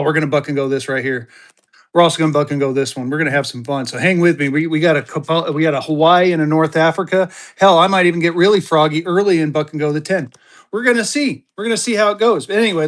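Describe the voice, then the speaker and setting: A man from Colorado hosting a live selling stream, talking fast in an upbeat sales patter. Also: fairly high pitch. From Colorado, USA. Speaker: live-stream currency seller.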